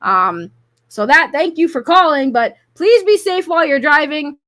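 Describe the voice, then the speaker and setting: A woman hosting a casual live call-in stream, talking loudly and sassily, swearing, and rambling into her desk microphone. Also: high voice, lively intonation, moderate pace. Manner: loud, sassy and profane, with rambling rants. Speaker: live call-in show host.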